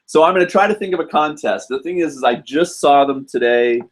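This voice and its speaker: A man's voice: on the high side, a little fast. A man hosting a casual live stream from home, chatting loosely with lots of fillers and restarts. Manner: rambling, many fillers and restarts.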